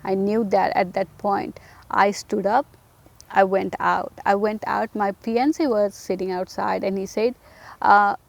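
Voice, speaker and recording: A woman's voice: mid-range voice, steady tone, measured pace, vocal fry, no room sound. A woman giving an emotional personal testimony, talking earnestly to the listener and repeating phrases for emphasis. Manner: direct address to the listener.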